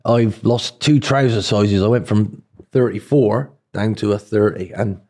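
A man's voice: on the low side, a little slow, darkish tone. A man in his sixties with an English accent, a guest on a casual podcast, bawdy and laughing often. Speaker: guest, former football manager.

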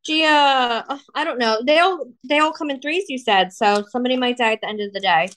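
High-voiced joking woman co-host. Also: brisk. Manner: expressive, joking, melodramatic. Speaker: podcast co-host. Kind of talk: casual chat.

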